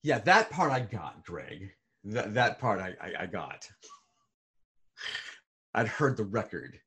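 A man telling stories as a guest in a video call interview, lively, with many restarts and fillers. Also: fairly low pitch, slow pace, breathy edge. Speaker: guest, author and speaker.

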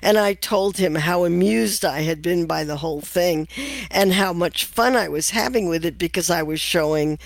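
A woman's voice: fairly low pitch, vocal fry, no room sound. An older woman, a nutritionist guest in an interview, telling stories in a wry, amused way and laughing as she talks. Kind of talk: conversational interview.

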